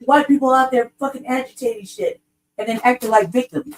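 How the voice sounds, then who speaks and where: A woman's voice: high-pitched, a little fast, a little hiss or hum. A woman co-hosting a casual podcast discussion, ranting bluntly with profane street slang. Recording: voice distant from the mic.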